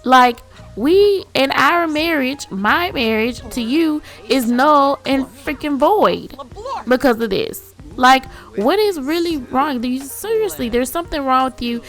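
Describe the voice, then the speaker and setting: A woman's voice: high-pitched, measured pace, fairly bright tone, faint music behind. A woman voicing a fed-up young wife who speaks in an indignant, insistent way, her voice pushed well above her own. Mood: furious.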